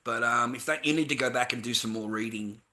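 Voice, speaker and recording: A man's voice: medium pitch, quick pace, sharp tone. An Australian man delivering a heated, profane ranting monologue, repeating himself and tossing in "mate" between sentences.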